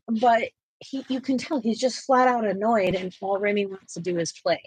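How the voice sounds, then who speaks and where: A woman's voice: a little high, moderate pace, hardly any pauses, a little mellow, breathy edge. A woman hosting a coloring livestream, chatting casually and talking to her viewers in the chat as she colors. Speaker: livestream host.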